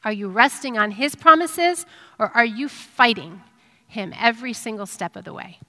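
A middle-aged woman giving an earnest, reflective devotional sermon, pausing with ums. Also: on the high side, animated, sharp tone. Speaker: speaker giving a devotional talk. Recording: long reverb of a hall.

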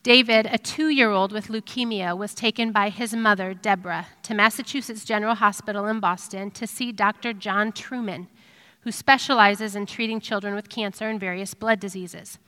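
A middle-aged woman giving an earnest, reflective devotional sermon, pausing with ums. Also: medium pitch, fairly even intonation, pushed and bright, smooth. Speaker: speaker giving a devotional talk. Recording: long reverb of a hall.

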